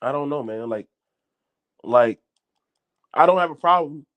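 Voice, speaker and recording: A middle-aged man with a voice pitched a little higher than most men's talks straight to his viewers. He is blunt and curses freely, stumbling over repeated words as he restarts his sentences. Faint clicking sounds run behind him. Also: lively intonation, unhurried, a bit bright. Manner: blunt, swearing, repeats himself and stammers on restarts. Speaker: channel host. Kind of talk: unscripted commentary to viewers.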